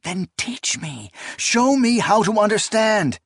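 A man's voice: sits high, expressive, unhurried, creaky, breathy edge, no room sound, studio quality, voice pushed up, exaggerated voice. A man voicing an anguished woman who pleads with her lover in an audiobook, in a raised, emotional voice. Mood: desperate. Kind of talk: audiobook character voice.

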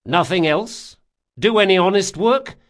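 A man voicing a sharp-tongued male thief who threatens and mocks in a raised, forceful voice. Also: high-pitched, measured pace, pitched above the performer's own voice. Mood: sardonic. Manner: snarling, sarcastic, swearing.

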